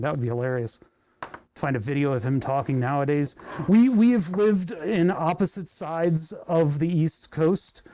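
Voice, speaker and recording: A man's voice: fairly high pitch, a little mellow. A man from New Jersey chatting casually on a live stream, rambling and chuckling as he thinks aloud while working on electronics. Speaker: livestreamer building electronics.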